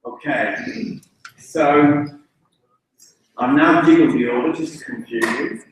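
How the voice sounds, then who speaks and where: A man's voice: fairly high pitch, slow, recorded from a distance, a little hiss or hum. Joking man chairing a panel, echoey hall. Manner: informal, joking, with restarts. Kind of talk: conference session introduction. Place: large lecture hall.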